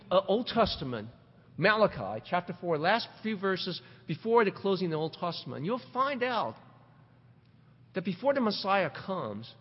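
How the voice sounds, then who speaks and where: A middle-aged man preaching a sermon, animated, asking rhetorical questions and repeating words as he builds his points. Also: sits high, slightly rough. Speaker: pastor. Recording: dull recording with long hall reverb.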